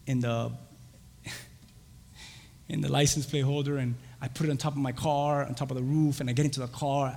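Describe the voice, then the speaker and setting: A young man preaching a sermon, telling a lively personal story with laughter and acted-out voices. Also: a little high, slightly rough. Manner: animated, laughing, acts out voices in his stories. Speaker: pastor. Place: church. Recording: church hall reverb.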